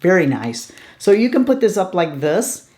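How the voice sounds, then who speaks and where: A woman's voice: lowish voice, very animated, normal speed, warm tone. A middle-aged woman chatting casually and frankly while reviewing beauty products, often laughing and asking "okay?". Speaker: beauty vlogger.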